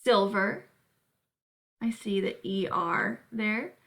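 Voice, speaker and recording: A woman teacher giving a recorded spelling lesson to students, speaking in a clear, deliberate way. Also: medium pitch, a bit bright.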